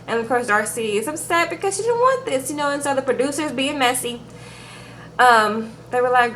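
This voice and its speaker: A woman does a sassy, chatty recap of a reality TV show in a casual vlog, calling her viewers "girl" and "y'all." Her high-pitched voice is expressive, brisk, and a bit bright. There's a little hiss or hum in the background.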